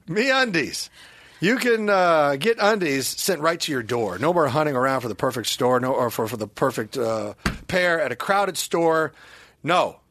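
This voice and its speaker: A man's voice: on the high side, lively intonation, a little slow, no echo. Playful, jokey male podcast host. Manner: jokey, playful, breaks into mock shouting. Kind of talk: casual banter and ad read.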